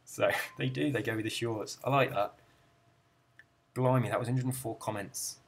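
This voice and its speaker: A man's voice: medium pitch, steady tone, moderate pace, gravelly, a little hiss or hum. An Englishman with an English accent, a gaming channel host chatting casually and rambling through viewer comments in a friendly, self-deprecating way. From England.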